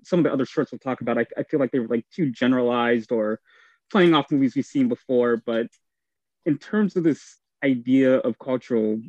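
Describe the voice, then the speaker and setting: A man's voice: mid-range voice, darkish tone, dry recording, muffled recording. A man in a panel discussion who lays out his ideas thoughtfully, hesitating with frequent fillers. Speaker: podcast panelist. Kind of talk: casual discussion.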